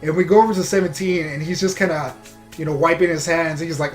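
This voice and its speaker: A man's voice: on the high side, fairly even intonation, quick pace, faint music behind. A man giving a casual, rambling recap of an anime episode, full of fillers and restarts. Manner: rambling, filler-heavy retelling with frequent restarts. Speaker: anime reviewer.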